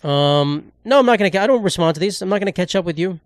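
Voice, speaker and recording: A man's voice: high-pitched, lively intonation, quick pace, no echo, studio quality. A man hosting a solo podcast, ranting in a rambling, sarcastic, profane way and cutting himself off mid-thought. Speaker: podcast host.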